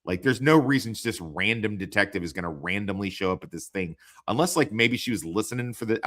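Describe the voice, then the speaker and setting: Low-voiced guy rambling about an episode, lots of um and you know, swears a bunch. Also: fairly bright tone. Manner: rambling, profane, full of fillers. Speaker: host reviewing TV episodes. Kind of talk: casual chat.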